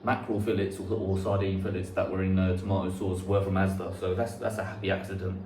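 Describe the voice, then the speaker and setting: A man's voice: low voice, flat delivery, fast talker, dark tone. Chatty man in an echoey room. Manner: rambling, chatty, swears casually. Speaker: vlogger. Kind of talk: casual chat to camera. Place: unfinished house under renovation, indoors. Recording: echoey empty room, faint background noise.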